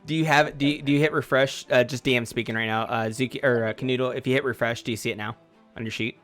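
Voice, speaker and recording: A man's voice: medium pitch, fairly even intonation, fast, fairly bright tone, faint music behind. A man running a tabletop game as game master, casual and chatty. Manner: casual, chatty, many fillers.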